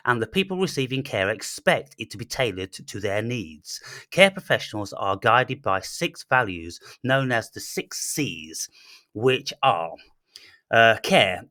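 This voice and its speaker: A man rants straight to the listener in a blunt, profane monologue that stumbles through fillers and restarts. His voice is bright and forceful, and it is recorded dry and close. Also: mid-range voice, dry recording. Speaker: channel host. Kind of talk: ranting monologue.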